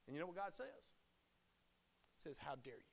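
A man preaching a sermon, swinging between loud impassioned declarations and hushed, quiet drops. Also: on the high side, lively intonation, a little fast, gravelly.

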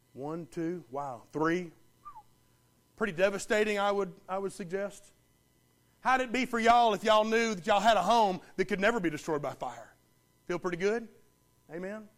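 A man's voice: sits high, moderate pace, long pauses. A man preaching a sermon as pastor, emphatic, repeating lines and putting questions to the congregation.

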